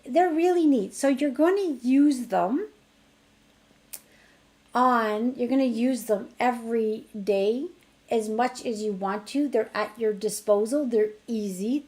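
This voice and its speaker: A middle-aged woman teaching an energy healing technique in a chatty online class, her voice rising brightly when she acts out what she tells others. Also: fairly high pitch, unhurried. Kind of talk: casual online teaching demonstration.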